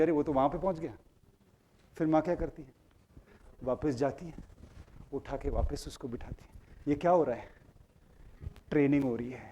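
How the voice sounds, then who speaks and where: Indian guy rattling through a workshop talk, switches hindi and english, keeps asking the room yes or no, voice sits a bit high. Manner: energetic, mixes Hindi and English, asks the crowd questions again and again. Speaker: speaker leading a workshop. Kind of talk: motivational talk to a live audience. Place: auditorium with an audience.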